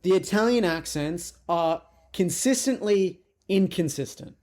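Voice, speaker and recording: A man with a fairly high voice co-hosts a casual movie podcast. He talks bluntly and swears freely, getting animated when he mocks a performance. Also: measured pace. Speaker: podcast co-host. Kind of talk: casual movie review chat.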